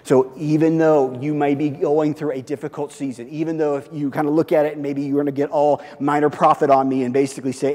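A male pastor preaching a sermon, moving from loud, punchy emphasis to quiet, earnest intensity. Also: a little high, level tone, fast, hardly any pauses. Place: church sanctuary. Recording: long church reverb.

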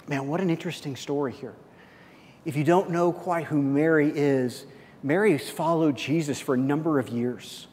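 A male pastor preaching a sermon, moving between rising, fervent passages and hushed, intimate ones. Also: on the high side, normal speed, big-room sound. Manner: impassioned preaching, swinging between loud and hushed.

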